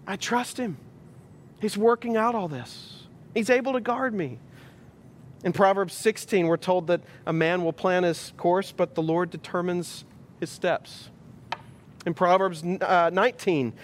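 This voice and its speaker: A man's voice: a little high, measured pace. Emphatic male pastor preaching a sermon. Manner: emphatic, building rhetorical repetition.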